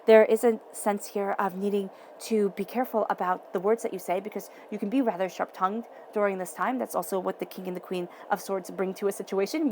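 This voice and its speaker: A warm-toned, mid-range female voice gives a tarot reading directly to the audience, accompanied by a little hiss or hum. She speaks emphatically, returning again and again to her key phrases.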